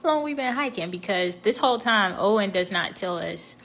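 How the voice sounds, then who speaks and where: A young woman recounts a trip in a relaxed storytime vlog. She talks in a loose, chatty way, full of fillers and restarts, and laughs now and then, in a mid-pitched voice. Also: brisk.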